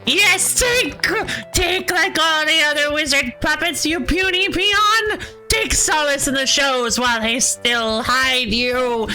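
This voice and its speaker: A woman doing a shrill, bombastic conspiracy ranter. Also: slow pace, bright, forceful tone, soft background music, exaggerated voice, poor audio. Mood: ranting. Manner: accusing, bombastic, theatrical. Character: paranoid shouting conspiracy ranter. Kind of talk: voicing game characters on stream.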